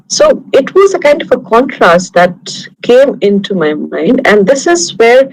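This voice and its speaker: A woman's voice: a little high, sing-song, a little slow, rough recording. A woman with an Indian English accent giving a guest lecture over a video call, talking through examples in an easy, conversational way. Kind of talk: online lecture.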